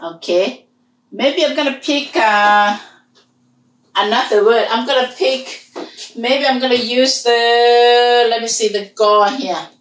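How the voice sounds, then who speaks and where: A woman leads a language lesson, drawing out each sound and saying words again and again for her students. Her voice sits a little high and her delivery is very slow. The recording has a roomy echo. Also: recorded from a distance. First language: Hmong. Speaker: language teacher.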